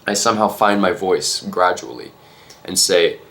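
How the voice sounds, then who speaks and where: A man vlogger telling a comic story in an earnest, mock-emotional way, halting and restarting his sentences. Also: deep voice, a bit bright.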